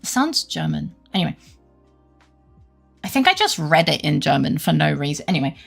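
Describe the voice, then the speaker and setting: A woman's voice: deep voice, very animated, moderate pace, vocal fry, breathy edge, soft background music. A young British woman streaming live, rambling and chatting with her viewers through fillers and restarts, while she has a headache. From Britain. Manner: rambling, greets chat often, many fillers and restarts. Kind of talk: casual live-stream chat.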